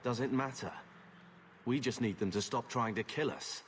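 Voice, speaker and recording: An actor playing a surly young warrior in a fantasy game, curt and blunt. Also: male voice, medium pitch, moderate pace, a little hiss or hum, natural voice.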